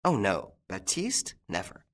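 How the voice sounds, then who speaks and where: A man's voice: lowish voice, wildly swooping pitch, unhurried. A man reading an audiobook, voicing an anxious, frightened young French woman from a country estate in a raised voice. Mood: earnest. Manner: anxious, breathless and pleading.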